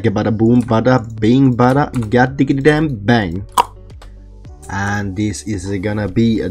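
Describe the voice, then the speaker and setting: A man giving casual, excitable gameplay commentary, swearing often and complaining about his luck. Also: medium pitch. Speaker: gaming channel host. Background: faint background music.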